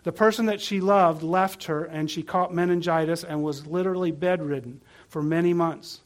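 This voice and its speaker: A pastor preaching a sermon, earnest and asking the congregation questions. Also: male voice, a little high, steady tone, normal speed.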